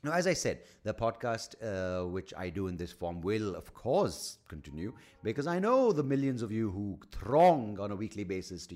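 A man with a fairly low voice hosts a solo podcast. He talks off the cuff into a microphone at home, swearing freely and poking fun at himself. His pitch swings widely as he goes. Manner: rambling, profane, self-mocking, thinking out loud. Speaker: podcast host and comedian. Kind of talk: rambling solo podcast monologue. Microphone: studio microphone.

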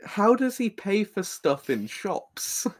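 A man's voice: high voice, sing-song, takes it slowly. A young man co-hosting a casual comedy podcast, laughing and swearing as he retells a show's scenes. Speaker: podcast co-host. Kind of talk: casual chat recapping a show.

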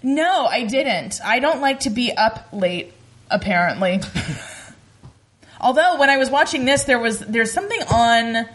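A woman with a somewhat high voice co-hosts a casual podcast recap. She talks in a sarcastic, opinionated way, full of playful asides. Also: expressive, unhurried, fairly bright tone. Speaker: podcast co-host.

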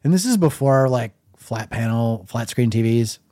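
A middle-aged man in a laid-back storytelling mood, wry and unhurried. His voice sits at an ordinary pitch and comes across dry and close, with no room around it. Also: lively intonation, dark tone, dry recording. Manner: wry, laid-back, quotes himself in a low mumble. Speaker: podcast host. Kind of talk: casual storytelling.

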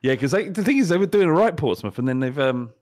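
A man's voice: on the high side, lively intonation, fast talker, darkish tone. A man co-hosting a casual football podcast, joking and telling stories with frequent laughs. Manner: storytelling, jokey, laughs often. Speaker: podcast co-host.

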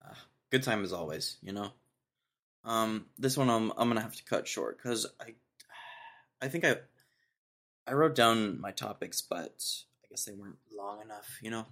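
A man's voice: on the low side, animated, normal speed, fairly bright tone. A young man hosting his own podcast, rambling casually in a laid-back way about everyday annoyances. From Texas. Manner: rambling, laid-back, says dude a lot. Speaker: podcast host. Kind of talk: solo casual rant.

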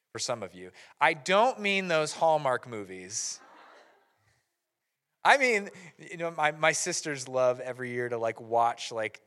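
A man in his thirties giving a playful, animated Christmas sermon to a church audience. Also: mid-range voice. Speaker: pastor. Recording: live hall reverb.

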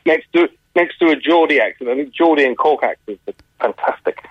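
Brief: UK male comedian on a phone line, bouncy and expressive, slightly high voice, dull dry phone sound. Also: fairly quick, husky, dry recording. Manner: animated, laughs often, slips into mimicked accents. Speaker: touring comedian. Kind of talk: phone interview on radio. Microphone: telephone.

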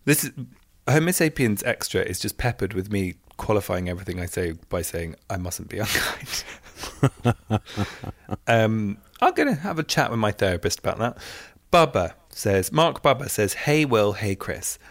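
A man's voice: lowish voice, big pitch swings, moderate pace, no echo. A man co-hosting a podcast, reading listener messages aloud with playful asides in casual chat.

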